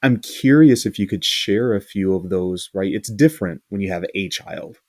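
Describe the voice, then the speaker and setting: A man's voice: low-pitched, moderate pace, a little mellow, dry recording. A man hosting an interview who leads a school, speaking earnestly and thoughtfully and often restarting his phrases. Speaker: interview host, school leader. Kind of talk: casual interview talk.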